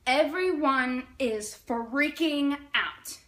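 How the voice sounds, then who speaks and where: A storyteller in her twenties shares a casual personal anecdote, animated and dramatic, in a high, bright voice. She speaks very slowly and scatters "like" throughout her sentences.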